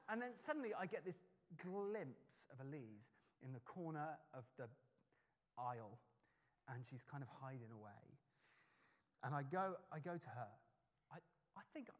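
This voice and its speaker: A man preaching a sermon, telling a personal story with animated restarts and acted-out lines. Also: on the high side. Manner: animated storytelling, acts out calling and scolding, stammering restarts. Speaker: pastor. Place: church hall. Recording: long hall reverb.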